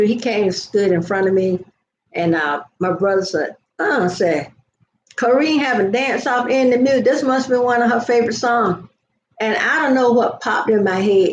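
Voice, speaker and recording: Older woman, casual vlog host, rambling storyteller, addresses viewers directly, dull lo-fi recording. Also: medium pitch. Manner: chatty and meandering, talks straight to viewers. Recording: dull lo-fi sound with faint noise.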